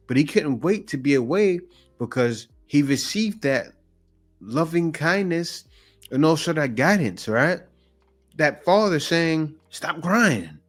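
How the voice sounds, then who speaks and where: With a voice on the high side, a man hosts a reaction video, mocking the clips in lively fashion and repeating himself as he builds toward a point.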